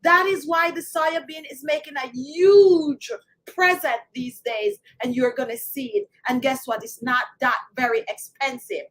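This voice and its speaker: Jamaican lady chatting to her viewers, high voice, animated. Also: unhurried, poor audio. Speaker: beauty channel host. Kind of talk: casual talk to camera.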